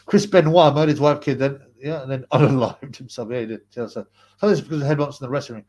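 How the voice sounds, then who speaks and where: A man's voice: medium pitch, quick pace, darkish tone. A man chatting on his livestream, rambling and repeating words, answering viewers' comments with frequent laughs. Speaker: livestream host. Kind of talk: casual livestream chat reading comments.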